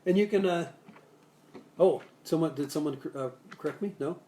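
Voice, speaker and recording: Male cocktail-show host, voice pitched a bit high, casual live chat, rambling and joking. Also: normal speed, warm tone. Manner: rambling and jokey, with many restarts and asides. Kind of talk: casual live-stream chat with bartending tips. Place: Salt Lake City area.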